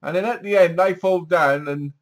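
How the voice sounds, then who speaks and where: A man's voice: high voice, moderate pace. A man giving a casual spoken review of a TV episode, acting out the scenes as he retells them. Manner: chatty, acts out scenes with sighs and gasps.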